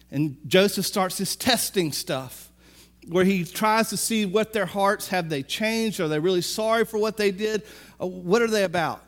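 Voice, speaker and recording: A middle-aged man preaching, retelling a story with lively asides and acting out the characters' lines. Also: high-pitched. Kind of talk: sermon.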